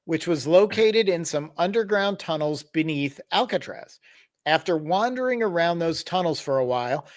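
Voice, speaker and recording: A man hosting a podcast, casually telling a tabletop horror story with wry asides and explanations. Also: high-pitched. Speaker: podcast host.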